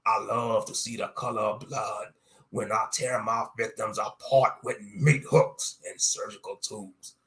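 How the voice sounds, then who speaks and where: A man's voice: fairly low pitch, fairly even intonation, unhurried, fairly bright tone. A man voicing a boastful, murderous male pirate captain who taunts in sea-dog slang and chuckles as he talks.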